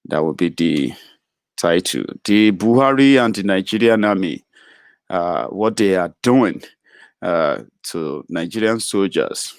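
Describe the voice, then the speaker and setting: Low-voiced man hosting, halting and dry. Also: expressive, creaky, dry recording. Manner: halting, full of "uh" fillers and restarts. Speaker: host of a political web show. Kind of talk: live broadcast commentary.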